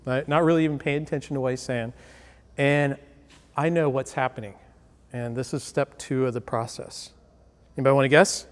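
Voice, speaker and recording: A man's voice: medium pitch, brisk, pauses often. A man giving a sales presentation, telling a story to an audience, acting out the dialogue and asking the crowd questions. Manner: animated storyteller who acts out dialogue and asks the audience questions. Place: presentation hall. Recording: long hall reverb.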